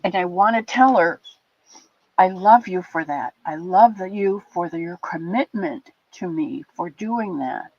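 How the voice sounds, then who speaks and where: An older woman hosting a livestream, chatting warmly and rambling with her viewers in a casual, affectionate way. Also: fairly low pitch, animated, measured pace, no room sound. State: a bit teary. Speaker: livestream host. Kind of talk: casual chat with live chat viewers. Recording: dull lo-fi dry sound.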